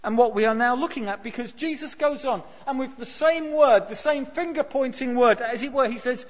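A man's voice: very high-pitched, fairly quick, hardly any pauses. Emphatic male preacher in a reverberant hall. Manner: emphatic, rises to near shouts on key words. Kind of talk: sermon. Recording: dull sound with long hall reverb.

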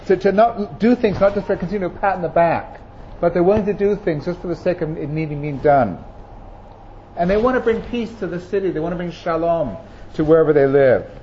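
Earnest preaching man, dark tone. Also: fairly high pitch. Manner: earnest, emphatic preaching with repeated phrases. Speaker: pastor. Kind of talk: sermon. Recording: muffled recording with faint noise.

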